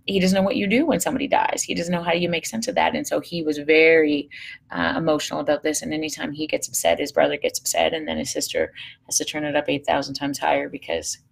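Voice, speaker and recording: A woman's voice: deep voice, vocal fry, husky. A woman psychologist hosting a live show, telling a personal story in a candid, blunt way, swearing freely and trailing into fillers. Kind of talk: casual storytelling to a live audience.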